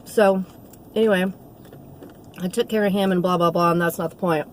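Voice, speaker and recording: A woman's voice: fairly low pitch, steady tone, moderate pace, a little hiss or hum. Heartfelt woman vlogger. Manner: heartfelt, rambling storytelling. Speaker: vlogger, nursing assistant. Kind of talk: casual talking-to-camera vlog.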